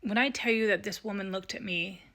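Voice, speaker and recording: A woman, a psychic medium, telling a personal story in a vlog, earnest and tearful, often dropping to a soft whisper. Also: mid-range voice, brisk.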